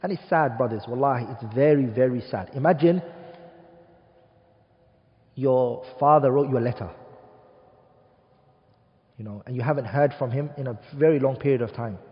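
A man's voice: medium pitch, moderate pace, long pauses. A man from the UK lecturing an Arabic studies class, emphatic, posing rhetorical questions to the room and dropping Arabic terms into his English. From United Kingdom. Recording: dull, reverberant classroom recording.

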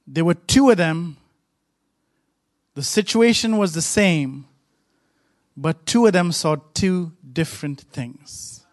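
A man's voice: a little high, slow, long pauses, no echo. A man pastor preaching a sermon with emphatic, repetitive rhythmic phrasing.

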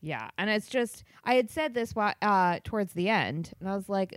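A woman's voice: mid-range voice, expressive, moderate pace, dry recording, clean studio sound. Sarcastic woman co-hosting a movie chat. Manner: sarcastic, laughing, profane. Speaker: podcast co-host. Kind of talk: casual movie review chat.

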